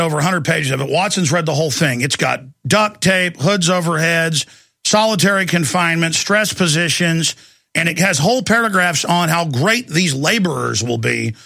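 A man's voice: on the high side, animated, normal speed, gravelly, pushed and bright, no echo, clean studio sound. A man hosting a talk show, delivering an emphatic, alarmist rant. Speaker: talk radio host. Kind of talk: ranting commentary.

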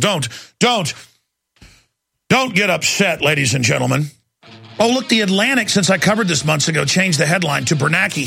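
A man's voice: a little high, gravelly, sharp tone, husky. A male talk show host delivering an angry, sarcastic ranting monologue.

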